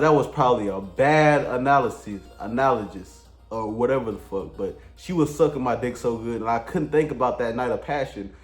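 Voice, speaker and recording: A man spins a crude comedy storytime in a relaxed, slang-heavy, rambling voice of ordinary pitch. His voice rings around an echoey room, with faint music playing underneath. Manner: laid-back, slangy, rambling delivery.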